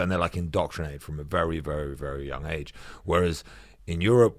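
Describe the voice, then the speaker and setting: A man with a British accent, a former fighter and coach, talking in a relaxed, reflective way as a podcast guest. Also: deep voice, dry recording, studio quality. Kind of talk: casual podcast conversation.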